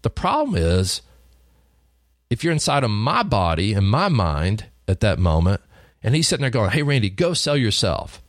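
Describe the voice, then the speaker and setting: A man's voice: fairly low pitch, huge pitch swings, normal speed, no room sound, studio quality. A middle-aged man with a Texan accent, a sales trainer telling stories in a folksy, emphatic way. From Texas. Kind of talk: storytelling sales talk.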